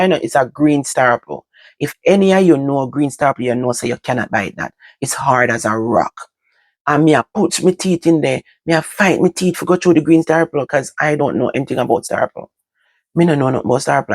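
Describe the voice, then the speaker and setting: A woman's voice: a bass voice, fast, no room sound. Older Jamaican woman telling stories in patois. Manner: switches between patois and standard English, animated when telling the story. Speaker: vlogger. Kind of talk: casual storytelling to camera.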